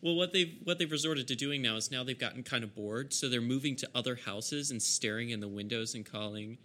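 A man's voice: mid-range voice, brisk, bright, forceful tone. A man narrating as game master of a tabletop game, laughing often as he describes the scenes.

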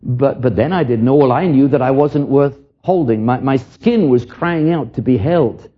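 Older man preaching earnestly, husky voice. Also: mid-range voice, normal speed, highs cut off. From England. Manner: earnest, reflective, repeats words as he starts lines. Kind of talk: sermon.

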